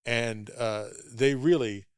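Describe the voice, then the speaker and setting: A man's voice: mid-range voice, steady tone, slow pace, clear, resonant tone, no echo, clean studio sound. A man co-hosting a casual podcast, introducing segments in a playful, announcer-like way. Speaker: podcast co-host.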